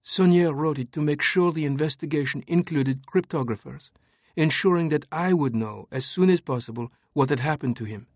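A man's voice: on the high side, moderate pace, dry recording, studio quality, voice pushed up. A man voicing an urgent young French woman cryptographer in an audiobook, speaking earnestly and pressing her point. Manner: earnest, pressing, explaining calmly. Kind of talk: audiobook narration.

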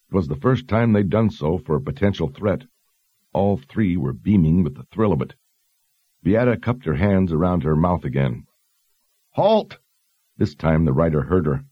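A male narrator reading a fantasy story in a measured, even way. His voice is very deep and husky. The recording is dry and close, with a slightly dull sound. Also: dry recording. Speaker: audiobook narrator.

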